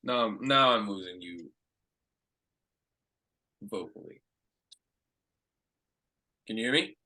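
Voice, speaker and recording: A young man with a bright, forward voice tells audition stories over a video call. He slips into the voices of the people he quotes, keeping the talk lively and casual. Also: lowish voice, takes it slowly. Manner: animated, acts out quoted lines. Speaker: actor and host. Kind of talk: casual storytelling chat.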